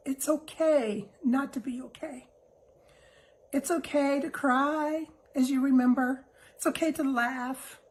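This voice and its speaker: A middle-aged woman hosting a heartfelt, reflective monologue. She speaks in a gentle, reassuring way and sounds emotional, close to tears. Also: sits high, rough recording. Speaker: host.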